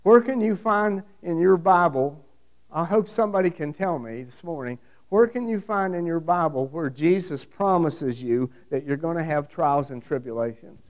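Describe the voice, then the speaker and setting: A man's voice: a little high, expressive, normal speed. A middle-aged man preaching a sermon, emphatic and repetitive, asking the congregation questions. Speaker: pastor.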